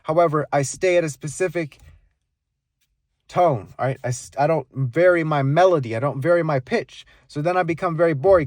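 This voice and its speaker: A man teaching speaking skills, demonstrating volume, pitch and pauses as he explains them. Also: a little mellow, no echo. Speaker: speaking coach. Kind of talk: instructional monologue with live demonstrations.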